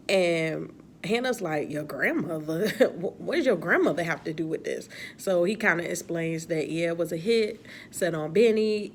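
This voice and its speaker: A woman's voice: lowish voice, slight background noise. A woman giving a casual, exasperated recap of a TV episode with laughing asides. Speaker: TV episode reviewer.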